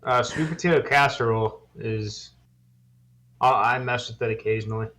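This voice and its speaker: A man's voice: mid-range voice, moderate pace, fairly bright tone, slight background noise. A young man co-hosting a podcast in casual chat, laid-back and teasing. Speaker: podcast co-host.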